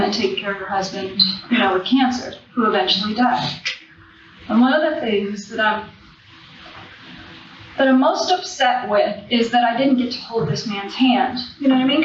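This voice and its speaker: A woman's voice: fairly high pitch, noisy background. Blunt, profane woman speaking in an echoey hall. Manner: raw, blunt and profane, with emotional swells. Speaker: recovery convention speaker. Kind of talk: personal recovery testimony from a podium. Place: large convention hall. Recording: echoey, distant, dull hall recording.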